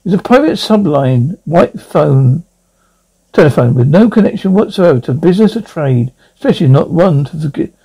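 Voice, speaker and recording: A man's voice: fairly high pitch, expressive, moderate pace, dark tone, breathy edge, poor audio. A man voicing a snobbish, fussy middle-aged woman with affected genteel diction in a one-man comedy radio reenactment. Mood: haughty. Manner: affected genteel refined diction, self-important.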